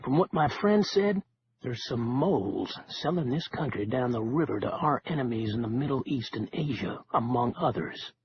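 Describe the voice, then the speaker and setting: A man voicing a gruff, loyal older male friend who talks bluntly and coarsely. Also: mid-range voice, expressive, moderate pace, natural voice. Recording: dull lo-fi with faint hiss.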